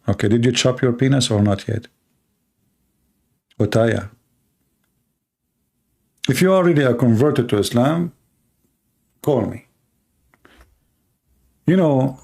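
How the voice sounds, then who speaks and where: A man hosting a live-streamed call-in debate, talking in a mocking, sarcastic way and laughing at his callers, with halting restarts. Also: medium pitch, vocal fry, dark tone, breathy edge.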